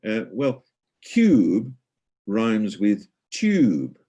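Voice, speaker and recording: Deep husky-voiced male tour guide. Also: huge pitch swings, drawn-out words, mellow. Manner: hesitant, many fillers, chatty and explanatory. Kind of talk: online guided tour talk.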